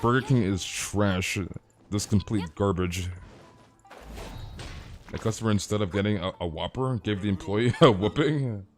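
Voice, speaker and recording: A man's voice: on the low side, measured pace, pauses often. A man chatting casually on a live game stream, ranting animatedly and peppering his talk with "freaking" and "dude".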